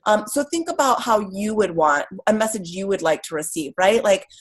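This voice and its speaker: A woman's voice: mid-range voice, animated, moderate pace, poor audio. A woman team leader giving earnest, direct advice on a call. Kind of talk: casual advice.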